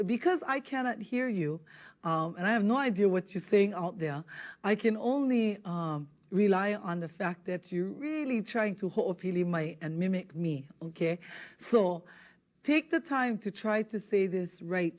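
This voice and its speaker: A woman teaching a language lesson in a studio, patiently spelling out words and slowing down so viewers can repeat after her. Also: mid-range voice, darkish tone. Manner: patient, drills words slowly for repetition.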